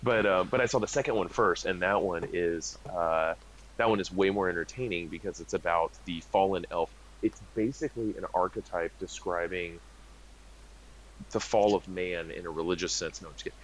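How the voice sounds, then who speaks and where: A man's voice: deep voice, moderate pace, a little hiss or hum, poor audio. A man in his thirties chatting casually as a podcast co-host, rambling and joking with many fillers. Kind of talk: casual chat.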